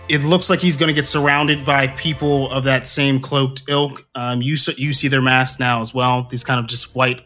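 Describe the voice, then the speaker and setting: A man's voice: medium pitch, bright, forceful tone. A man narrating as game master for a tabletop game, hesitant and full of fillers. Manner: hesitant, many fillers, clears throat.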